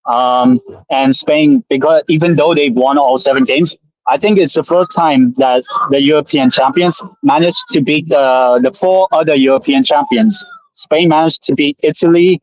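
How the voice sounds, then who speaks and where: A man's voice: fairly high pitch, normal speed, no echo. Methodical man on dry lo-fi call audio. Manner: steady, methodical listing of points. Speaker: panelist. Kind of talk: casual debate.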